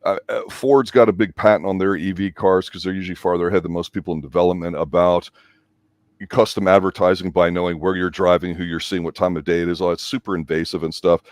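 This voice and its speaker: Fast-talking deep-voiced man with opinions. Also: steady tone, no room sound, studio quality. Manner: opinionated, lecturing. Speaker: movie review co-host. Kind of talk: casual movie review chat.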